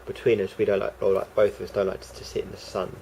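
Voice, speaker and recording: A man's voice: lowish voice, completely flat delivery, fast, vocal fry, a little mellow, slight background noise. A man rambling through a casual vlog monologue, hesitant and full of restarts and fillers. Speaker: vlogger.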